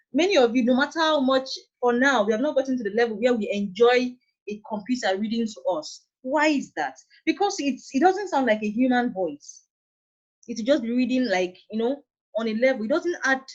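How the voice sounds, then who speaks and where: A woman with a Nigerian accent teaching an online English lesson, patient and repeating her points. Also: fairly high pitch. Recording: dull lo-fi online class audio.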